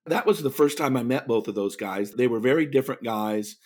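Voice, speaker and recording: A man's voice: medium pitch, brisk. A man who speaks professionally, telling stories in a podcast interview and bringing the people in them to life with impressions. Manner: animated, does lively impressions of others. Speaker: guest speaker.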